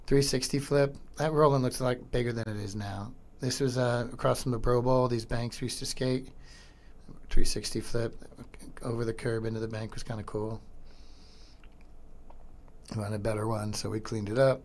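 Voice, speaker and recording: A middle-aged man hosting a podcast, commenting casually and excitedly over old skateboarding footage, slangy and swearing. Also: medium pitch, a little fast, a little hiss or hum. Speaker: podcast host.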